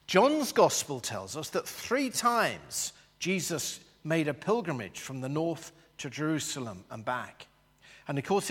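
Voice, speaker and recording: Slow, unhurried man teaching a Bible class. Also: on the high side, fairly bright tone, breathy edge, long reverb tail. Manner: unhurried, explanatory, sketching a map as he talks.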